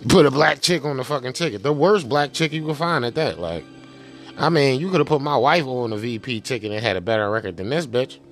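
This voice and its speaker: A man's voice: mid-range voice, animated, fairly quick, soft background music. A man hosting his political commentary show in a casual, profane rant, full of slang and "you know what I'm saying" tags.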